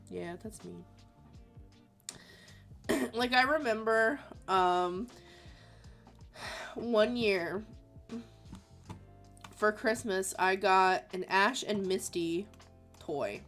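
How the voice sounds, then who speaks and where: A woman chatting casually while she draws, telling animated stories, laughing often, and acting out quotes in squeaky voices. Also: takes it slowly, long pauses, faint music behind. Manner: animated storyteller who acts out quotes in high squeaky voices. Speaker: artist hosting a drawing stream. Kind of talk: casual chat while drawing.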